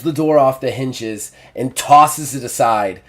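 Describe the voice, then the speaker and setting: A man's voice: mid-range voice, slow, a bit bright. A man narrating as game master in a casual, rambling way.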